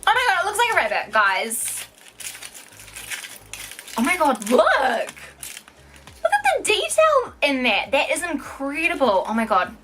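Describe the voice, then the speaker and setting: A young woman, unboxing products in an excited, giggly vlog, exclaiming over each item. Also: sits high, measured pace, pauses often, a little hiss or hum. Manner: gushing, giggly, keeps exclaiming.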